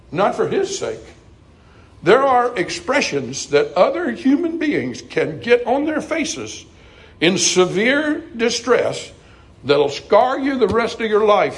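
A middle-aged man preaching a sermon earnestly, climbing to emphatic highs and dropping to soft, quiet passages. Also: big pitch swings, measured pace, poor audio.

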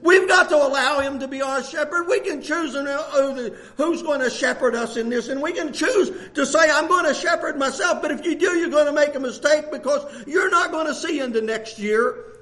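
An older man in his sixties preaches with a lilt. His voice sits very high for a man, and he pushes his points with fervent repetition, building to shouted emphasis. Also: normal speed. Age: 60s. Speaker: pastor. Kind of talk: sermon.

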